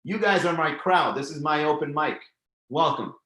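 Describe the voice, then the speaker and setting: A man's voice: a little high, normal speed, pushed and bright, echoey room. A man hosting a live comedy stream, chatting loosely and profanely as he reads and riffs on viewer comments. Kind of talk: casual live-stream chat reading comments.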